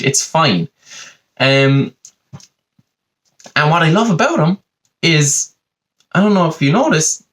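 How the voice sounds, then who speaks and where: A man's voice: on the high side, a bit bright. A man with an Irish accent hosting a podcast, telling a digressive comic monologue full of "you know" asides. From Ireland. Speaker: podcast host.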